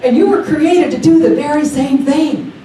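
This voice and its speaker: A woman giving a sermon at a church service, enthusiastic and animated, with excited exclamations. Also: sits high, normal speed, slight background noise. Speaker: guest speaker at a church service. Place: large sanctuary during a service. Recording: echoey hall, picked up from a distance.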